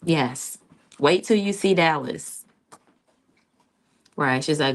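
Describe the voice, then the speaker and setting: A middle-aged woman speaks in a low voice. She chats with her livestream audience in a casual, familiar way. She calls them "child" and "honey.". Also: takes it slowly, long pauses. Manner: chatty, talks to viewers, says "child" and "honey". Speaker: livestream host.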